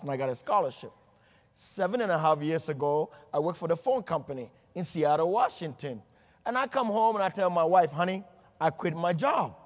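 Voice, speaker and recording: A middle-aged man giving a humorous motivational keynote, telling stories and acting out the dialogue. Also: on the high side. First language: not English. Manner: storytelling with acted dialogue, humorous. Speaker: motivational speaker. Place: large event hall. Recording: reverberant large hall.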